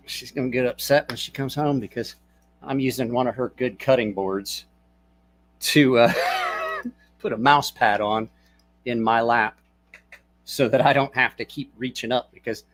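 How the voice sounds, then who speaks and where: Chatting casually on his stream, this middle-aged channel host sits at his desk at home, telling stories in a loose, rambling way and laughing as he goes. His voice is mid-range and fairly bright.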